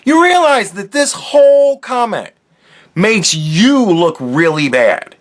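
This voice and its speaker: High, animated ranting man. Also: slow. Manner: angry, profane, sarcastic ranting. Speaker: podcast host. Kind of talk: solo podcast rant.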